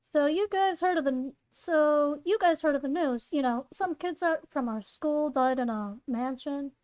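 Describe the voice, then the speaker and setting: A woman voicing a laid-back teen boy who talks in a slow, low-key drawl. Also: a little mellow, natural voice.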